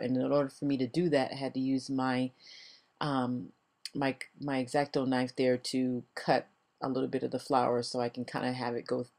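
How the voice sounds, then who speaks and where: An older woman with a strikingly deep, low voice talks over her crafting footage in a loose, rambling way. She chuckles often as she chats along. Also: darkish tone. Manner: chatty and rambling, laughs often. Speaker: crafting vlogger. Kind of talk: casual voice-over narration of a craft video.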